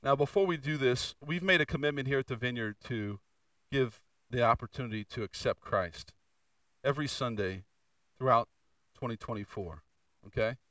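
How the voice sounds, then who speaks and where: A man preaching a sermon as pastor in a church, moving between fervent, raised passages and quieter, confessional asides. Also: medium pitch, normal speed, no echo, distant mic, low-quality recording. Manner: preaching with rising intensity and candid confession. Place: church sanctuary.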